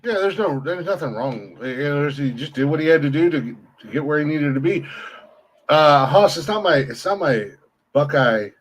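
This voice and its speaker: A crude, laughing man banters on a comedy podcast, swearing freely and slipping into quoted voices as he tells stories. His voice sits a little high. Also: lively intonation, moderate pace, rough recording. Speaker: podcast co-host. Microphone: laptop on phone hotspot.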